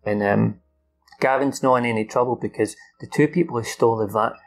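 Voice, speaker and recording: Brief: male film reviewer, gravelly voice, unscripted plot recap, swears and acts out lines, faint music behind. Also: mid-range voice, a little fast. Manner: animated, swears often, acts out characters' lines.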